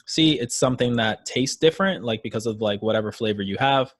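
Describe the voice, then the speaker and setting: A man's voice: medium pitch, fairly quick, dry recording. A man co-hosting a fitness podcast, rambling casually with many "like"s and "um"s. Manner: rambling, heavy use of "like" and "um". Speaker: podcast co-host, trainer. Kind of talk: casual chat.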